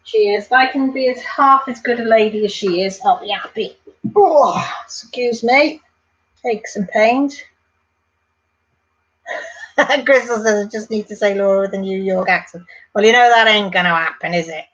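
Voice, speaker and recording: Speaking at a moderate pace in a medium-pitched voice, a Welsh vlogger rambles chattily on a home live stream, warmly addressing viewers by name. The audio is dull.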